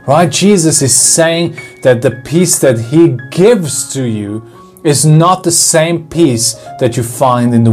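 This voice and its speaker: A man's voice: mid-range voice, darkish tone. A man giving a devotional sermon in an earnest, pleading way, asking rhetorical questions. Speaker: devotional speaker.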